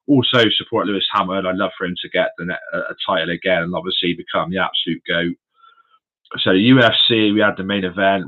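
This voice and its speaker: A man hosting a casual live stream from his room of animal enclosures, chatty and friendly, calling his viewers mate and buddy. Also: low voice. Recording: dull lo-fi stream audio.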